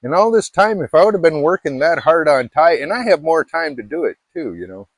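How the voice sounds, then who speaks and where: A man's voice: a little high, expressive, brisk, no echo. A middle-aged man from Alaska chatting casually to camera, rambling and self-deprecating with many restarts. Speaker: vlogger.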